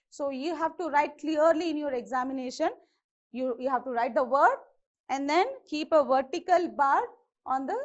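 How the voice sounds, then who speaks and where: High-voiced Indian woman teaching grammar. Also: dull audio. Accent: Indian English. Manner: repetitive, checks in with "okay" and "isn't it". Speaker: English teacher. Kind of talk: classroom grammar lesson.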